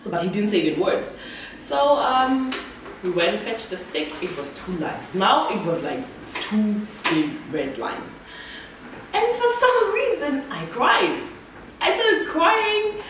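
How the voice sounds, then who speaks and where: A woman's voice: on the high side, wildly swooping pitch, slow pace. Chatty South African woman, echoey room. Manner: chatty, laughing often, restarts and trails off. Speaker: vlogger. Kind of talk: casual storytelling to camera. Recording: echoey room with noise, far from mic.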